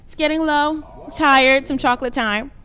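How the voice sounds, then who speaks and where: A woman's voice: high voice, normal speed, bright, forceful tone. A woman language coach teaching a lesson on a youth TV show, upbeat and prompting the audience to repeat after her.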